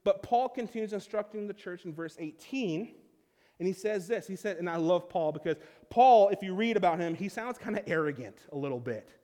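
High-voiced man preaching in a reverberant hall. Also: lively intonation, brisk, warm tone. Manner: conversational preaching with repeated restarts. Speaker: pastor. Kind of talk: sermon.

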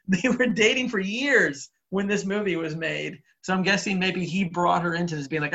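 Bright, excited man in film chat. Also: sits high, moderate pace, gravelly. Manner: enthusiastic, acts out quotes. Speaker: podcast co-host. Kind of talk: casual film discussion. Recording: dull lo-fi audio.

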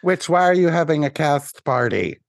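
A man's voice: a little high, expressive, moderate pace, gravelly, dry recording, clean studio sound. A man co-hosting a podcast, chatting casually with wry short reactions. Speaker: podcast co-host. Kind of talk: casual chat.

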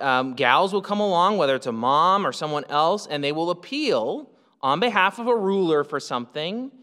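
A man from the United States preaching a sermon, talking to his congregation in a loose, conversational manner with frequent asides. His voice sits somewhat high for a man. The sound carries a long reverb, as in a large hall. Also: fairly bright tone, smooth. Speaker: pastor.

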